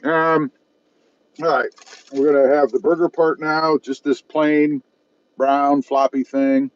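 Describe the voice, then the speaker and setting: Speaking slowly and flatly in a slightly high voice, a car channel host from South Texas reads live chat comments aloud. He's eating in his car parked at a fast-food restaurant, keeping the stream casual, easygoing, and self-mocking. The recording is muffled.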